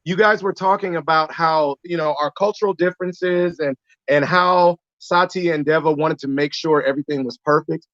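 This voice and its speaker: A man from the United States, a guest actor, telling animated stories in a casual live-stream chat. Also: fairly high pitch, moderate pace, no room sound, dull audio.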